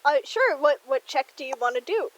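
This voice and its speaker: A woman's voice: high-pitched, animated, normal speed, lo-fi sound. A woman running a tabletop role-playing game as game master, talking casually with many fillers.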